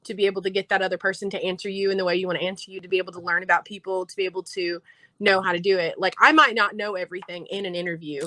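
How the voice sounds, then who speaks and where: A woman in her twenties with an Appalachian accent, a guest in a casual interview who talks fast, enunciates carefully and laughs easily. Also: fairly low pitch, steady tone, pushed and bright, low-quality recording. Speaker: guest, infant toddler teacher and theater director.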